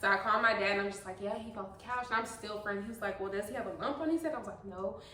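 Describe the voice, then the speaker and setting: A young woman, the host, chatting casually with a mom friend and telling stories with lively, acted-out scenes. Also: medium pitch, racing, slight background noise. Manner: animated storyteller, acts out scenes with big laughs. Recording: echoey room, mic at a distance.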